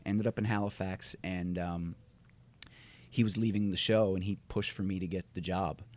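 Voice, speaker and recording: A man from Newfoundland who talks in a neutral accent, chatting as a podcast guest in an animated, storytelling way with quick restarts. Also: deep voice. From Newfoundland, Canada. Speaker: guest filmmaker. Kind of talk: casual interview chat.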